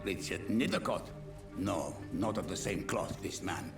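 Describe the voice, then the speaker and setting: Grumpy suspicious game guard, gravelly, low, brushes people off. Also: male voice, animated, unhurried, exaggerated voice. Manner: curt and dismissive. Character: suspicious surly male guard at a door. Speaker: doorkeeper of a medical facility. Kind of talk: video game voice acting. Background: game music.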